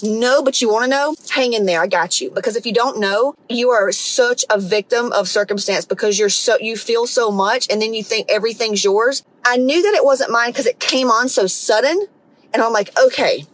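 A woman's voice: fairly high pitch, normal speed, poor audio. A middle-aged woman, hosting a podcast and telling a story in a blunt, profane, casual way. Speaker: podcast host. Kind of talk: casual monologue.

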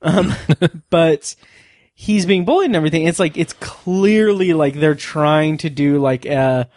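Rambling man, higher voice, chatty. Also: a little slow, a little mellow, dry recording, clean studio sound. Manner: rambling, many fillers and restarts, laughs often. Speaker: podcast co-host. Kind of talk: casual podcast chat.

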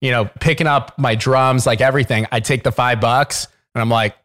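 A man's voice: medium pitch, fairly even intonation, brisk, fairly bright tone. A man in his twenties co-hosting a podcast, joking and bantering playfully with a swaggering tone. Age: 20s. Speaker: podcast co-host. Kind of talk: casual podcast chat.

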